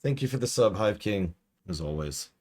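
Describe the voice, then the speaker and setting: A man reviewing a game on a live stream, hoarse and losing his voice, chatty and thinking out loud. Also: on the low side, expressive, moderate pace. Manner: chatty, thinks aloud, restarts. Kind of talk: casual live-stream commentary.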